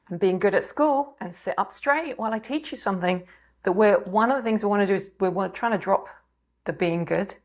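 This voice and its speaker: A woman coach gently guiding a calming practice, sighing often, her throat a bit scratchy. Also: medium pitch. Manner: gentle, permissive guiding with frequent sighs. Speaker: recovery coach. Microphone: desk mic on a video call.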